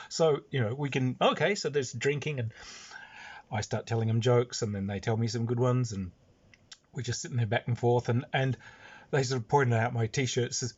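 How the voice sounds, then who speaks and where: A man's voice: mid-range voice, normal speed, darkish tone, husky. A man with a Western Australian accent telling a rambling, amused anecdote full of fillers and restarts. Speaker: storyteller, screenwriter. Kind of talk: casual anecdote. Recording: dull lo-fi sound.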